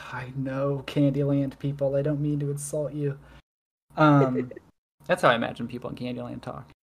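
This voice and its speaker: A woman's voice: rumbling low, level tone, moderate pace, a little hiss or hum. A woman co-hosting a podcast in casual chat, rambling with lots of filler words and laughing often. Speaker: podcast co-host.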